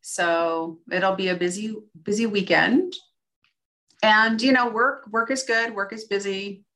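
A woman's voice: medium pitch, steady tone, measured pace, a bit bright. A woman co-hosting a casual chat podcast, upbeat and chatty. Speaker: podcast co-host.

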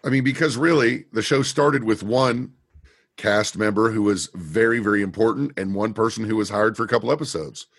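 A man co-hosting a podcast, casually recapping a TV episode and retelling scenes in an animated way. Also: on the low side, normal speed, slightly rough, no echo, studio quality. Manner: animated retelling with quoted lines and laughs. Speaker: podcast co-host.

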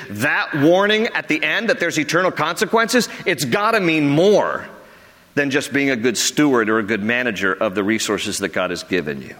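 A man preaching a sermon as pastor, earnest and conversational, dropping low for emphasis. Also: bright, forceful tone, big-room sound.

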